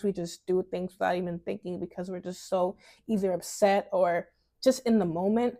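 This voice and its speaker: A young woman from New York talks straight to her viewers in a casual advice vlog. She is chatty and expressive, and she laughs often. Her voice sits at an ordinary middle pitch. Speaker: lifestyle vlogger.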